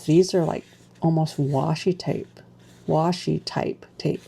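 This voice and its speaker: A woman's voice: low voice, fairly even intonation, takes it slowly, gravelly, dark tone, slightly rough. A woman vlogger chatting casually through a stationery unboxing, gushing and exclaiming as she goes.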